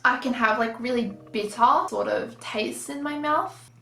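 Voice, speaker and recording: A woman's voice: fairly high pitch, measured pace, vocal fry, bright, forceful tone, reverberant, a little hiss or hum, rough recording. Breathless, tired woman vlogging. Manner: chatty, apologetic, frank. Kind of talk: casual talk to camera.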